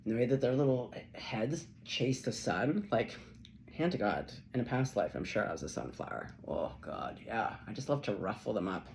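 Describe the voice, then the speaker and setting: Gushing, animated tarot reader. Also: mid-range voice, normal speed, gravelly, slight background noise. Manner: effusive, swears freely, laughs often. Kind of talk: casual channeled tarot reading.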